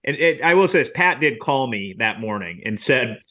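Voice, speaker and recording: A man's voice: medium pitch, expressive, moderate pace, bright, forceful tone. A man co-hosting a sports podcast, rambling and poking fun at himself with lots of fillers. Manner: rambling, self-deprecating, many fillers. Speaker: podcast co-host. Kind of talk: casual sports podcast chat.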